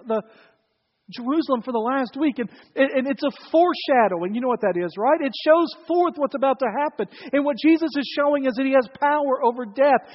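A man preaching with a very high voice, telling the story dramatically and dropping from ringing calls to near whispers. He sounds like a pastor in a large church hall. The sound is dull and muffled, with long reverb trailing after his words. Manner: dramatic storytelling, swinging from loud to hushed. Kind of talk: sermon.

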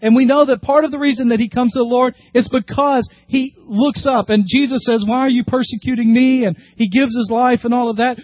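A man preaching a sermon as pastor, animated when acting out scripture and dropping low and quiet for serious points. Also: no room sound, highs cut off. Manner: animated, acts out scripture quotes with rising emphasis.

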